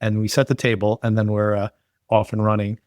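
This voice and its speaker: A man's voice: fairly low pitch, flat delivery, brisk, darkish tone, no echo, studio quality. A man co-hosting a podcast, enthusiastically reviewing a film in casual chat, rambling with lots of fillers. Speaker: podcast co-host.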